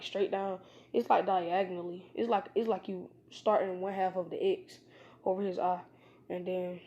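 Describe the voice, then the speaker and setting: A woman's voice: medium pitch, darkish tone. A woman casually telling a fan story, rambling and informal, with many fillers and restarts. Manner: informal, slangy.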